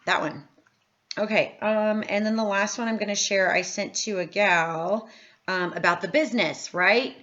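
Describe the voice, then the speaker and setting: A woman's voice: medium pitch, normal speed, fairly bright tone. A woman giving a casual, chatty training talk, upbeat and full of fillers. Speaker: network marketing trainer. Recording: slightly dull lo-fi audio.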